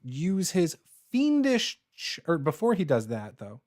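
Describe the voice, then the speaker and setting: A man's voice: on the high side, huge pitch swings, a little slow, darkish tone. A man narrating and explaining rules as the game master of a tabletop game.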